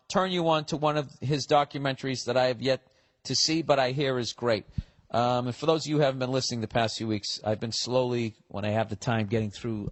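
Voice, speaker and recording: A man's voice: medium pitch, no echo. A middle-aged man hosting a podcast, reading listener letters in a casual, profane, sarcastic rant and arguing with himself over the details. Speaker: podcast host.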